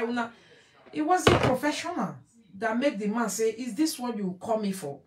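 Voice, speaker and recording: A woman's voice: a little high, expressive, moderate pace, far from the mic, background noise. Nigerian woman host, emphatic and repetitive commentary, roomy echo. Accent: Nigerian Pidgin English. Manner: emphatic, repeats phrases, switches between pidgin and English. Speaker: online show host commenting on a video. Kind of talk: animated commentary to an audience. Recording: echoey room, voice away from mic.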